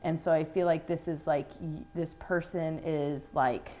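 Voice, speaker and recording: A woman's voice: low-pitched, fairly even intonation, unhurried, dark tone. A woman giving a casual tarot reading to viewers, rambling and earnest, full of "like" and casual swearing. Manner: earnest and emotional. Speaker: tarot reader.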